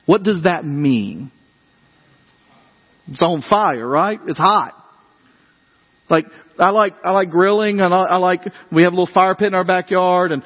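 A man's voice: sits high, big-room sound, muffled recording. A young man preaching a sermon as pastor, chatty and conversational, rising into dramatic outbursts when he quotes scripture. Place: church sanctuary.

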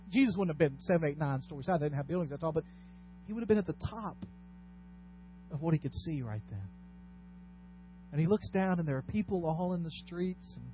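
High-voiced man preaching, dynamic delivery. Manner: dynamic preaching, swings between loud emphasis and hushed asides. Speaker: pastor. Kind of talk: sermon. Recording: dull lo-fi sound with faint mains hum.

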